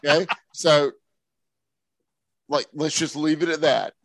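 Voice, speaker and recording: A man's voice: fairly high pitch, fairly even intonation, slow, creaky, fairly bright tone, no echo, poor audio. A man co-hosting a music show in casual talk, joking and teasing with slangy phrasing. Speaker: radio show co-host.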